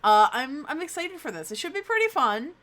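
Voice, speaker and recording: A bubbly young woman streamer chatting from home, her voice bright and swooping up and down in pitch. She pokes fun at herself and chatters freely, sitting on the higher side for a woman. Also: sing-song, a little fast. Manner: bubbly, chatty, self-mocking. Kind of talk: casual live-stream chat.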